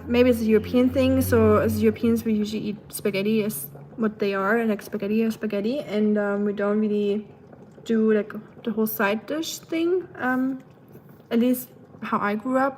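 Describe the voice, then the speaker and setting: Woman with a German accent, rambling and friendly streamer chat, slightly high pitch. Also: a little hiss or hum, rough recording. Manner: chatty and rambling, with frequent "um" pauses and light laughs; switches between English and German. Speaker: livestream host. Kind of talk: casual livestream chat, reading chat comments.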